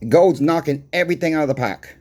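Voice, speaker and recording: A man's voice: on the high side, fast, darkish tone. A man with a strong Boston accent talks through his weekly market numbers like a coin shop owner chatting across the counter. His delivery is conversational and repetitive, leaning on emphatic rhetorical questions to drive points home. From Boston, USA. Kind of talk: casual market report to camera.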